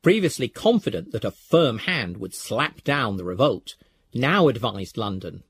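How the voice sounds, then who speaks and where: A man giving scripted documentary narration in a measured, storytelling way. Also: mid-range voice, sing-song, husky.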